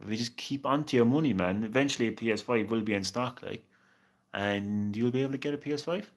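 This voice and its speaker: A man's voice: mid-range voice, quick pace. A young man streaming games live, chatting casually and reassuringly with a viewer, peppering his talk with "man" and tripping over repeated words. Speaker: game streamer.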